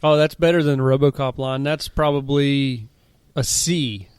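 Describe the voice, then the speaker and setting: A man's voice: medium pitch, steady tone, moderate pace, clean tone, dry recording, clean studio sound. A young man co-hosting a casual podcast chat, often hesitating and repeating himself. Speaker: podcast co-host.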